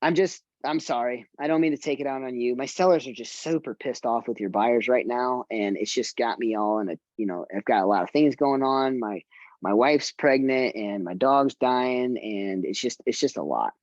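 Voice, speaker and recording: A man's voice: mid-range voice, moderate pace, dry recording, muffled recording, pitched below the performer's own voice, lightly acted. Man doing a stressed, apologetic male agent. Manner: rambling, apologetic.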